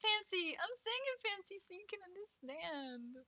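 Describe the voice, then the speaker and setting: A woman's voice: extremely high pitch, big pitch swings, normal speed, hardly any pauses, bright, forceful tone, no room sound. A young adult woman streamer chatting casually with viewers, playful and teasing, laughing often. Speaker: art streamer. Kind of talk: casual livestream chat.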